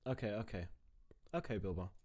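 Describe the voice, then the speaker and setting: A man's voice: fairly low pitch, a little fast, darkish tone. A man casually reacting to a video clip, chatting and swearing freely as he talks to his viewers.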